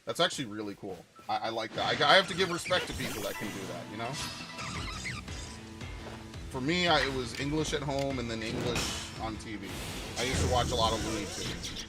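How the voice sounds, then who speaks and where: A man's voice: medium pitch, brisk, over loud music. A young man rambling casually over gameplay, chatty and swearing offhand. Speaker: gaming channel host.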